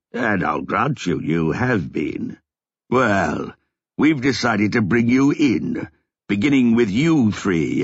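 A man's voice: sits low, breathy edge, no echo, highs cut off, full character voice. A man voicing a smug, menacing government official who sneers and slips into East End slang.

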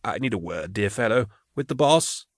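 A man's voice: lowish voice, animated, normal speed, no echo, clean studio sound. A man voicing a fussy, edgy young male interrogator who talks in a prim, jumpy, overly polite way in an audiobook.

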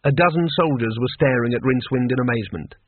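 Guy reading an audiobook, dry measured delivery, dead dry sound. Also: medium pitch, no room sound. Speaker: narrator. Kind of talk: audiobook narration. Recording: tinny phone-like dry sound.

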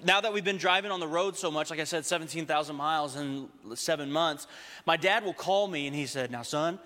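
A man with a high, bright voice preaching a sermon. He tells stories in a lively way and climbs toward emphatic points. A long reverb hangs in the sanctuary. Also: fairly quick. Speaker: pastor. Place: church sanctuary.

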